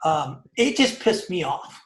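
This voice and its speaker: Reverberant sound surrounds a slightly high, very animated male voice taking his time. He's in his fifties, telling his personal story in a casual interview, talkative and forceful, with lots of fillers and tag questions.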